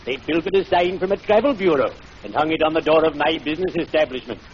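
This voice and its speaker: An actor playing an unctuous, gloomy middle-aged undertaker in a 1940s radio comedy, smooth and full of morbid puns. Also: male voice, on the high side, quick pace, natural voice. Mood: oily. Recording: muffled old radio broadcast with hiss.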